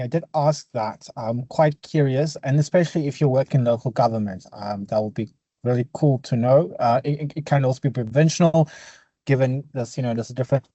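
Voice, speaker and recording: A man's voice: medium pitch, warm tone, dry recording, lo-fi sound. A young man from South Africa with an Afrikaans accent, an urban planner giving an earnest webinar presentation over a video call. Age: young adult. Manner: earnest, quick, apologetic asides.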